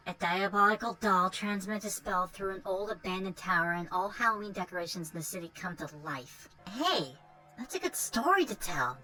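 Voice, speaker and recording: A woman's voice: mid-range voice, expressive, moderate pace, sharp tone, poor audio. A woman voicing a thoughtful young woman who dreams of writing her first novel, in a game. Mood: musing. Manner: musing, reflective. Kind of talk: game voice acting.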